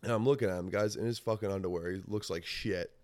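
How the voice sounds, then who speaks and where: A man's voice: deep voice, quick pace, a little mellow, no echo. A man hosting a podcast, telling a rambling, profane story in casual talk and laughing often. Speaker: podcast host.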